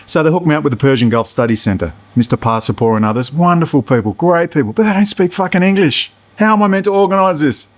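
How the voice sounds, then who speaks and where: A man's voice: a little high, expressive, fast, hardly any pauses. A middle-aged man, delivering a profane, heated, sarcastic political rant. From Australia. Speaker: political commentator. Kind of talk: ranting monologue.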